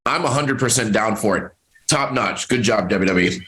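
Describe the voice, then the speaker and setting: A man's voice: lowish voice, normal speed, pushed and bright. A man co-hosting a casual wrestling podcast, laid-back and plain-spoken. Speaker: podcast co-host.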